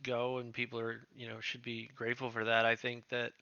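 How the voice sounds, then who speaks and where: Man, guild player, gravelly and sharp-toned, halting but supportive, on a dull lo-fi mic. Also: medium pitch, completely flat delivery, no echo. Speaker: guild member. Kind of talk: casual voice chat.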